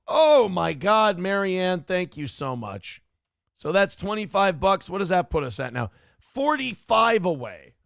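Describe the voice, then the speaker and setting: Gravelly, worked-up ranting man. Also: high voice, no room sound, studio quality. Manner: loud, profane, worked-up ranting. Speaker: livestream talk show host. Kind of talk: profane political rant and donation shoutouts.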